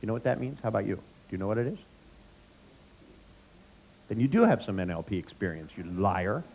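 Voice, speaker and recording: A man's voice: lowish voice, lively intonation, brisk, creaky, darkish tone. A middle-aged man, a therapist, giving a live seminar lecture, joking, telling anecdotes and quizzing the audience. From United States.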